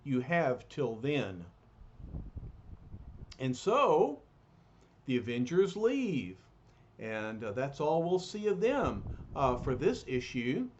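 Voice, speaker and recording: A man reading a comic book aloud to a child, getting expressive with the heroes' lines. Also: takes it slowly, slight background noise. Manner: expressive read-aloud, raises pitch for quoted heroes. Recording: dull lo-fi recording.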